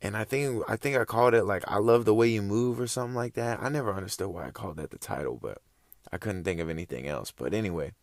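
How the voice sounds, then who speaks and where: A man's voice: lowish voice, fast, no echo, clean studio sound. Laid-back young man telling a story. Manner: laid-back slangy, loose and rambling. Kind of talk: casual storytelling to camera.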